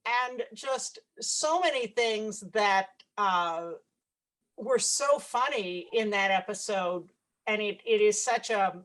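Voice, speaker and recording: A woman hosting a casual fan panel discussion, calling on each guest by name in a relaxed, chatty way. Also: medium pitch. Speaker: podcast host.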